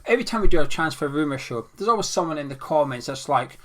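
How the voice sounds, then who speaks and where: A man's voice: a little high, lively intonation, fast talker. A young man hosting a casual football fan show, playful and self-mocking as he talks through club news. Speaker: fan channel host.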